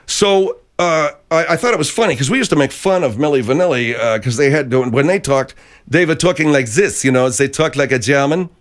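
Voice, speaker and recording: A man's voice: a little high, fairly quick. A man hosting a radio comedy talk show, hesitant and often exasperated. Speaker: host.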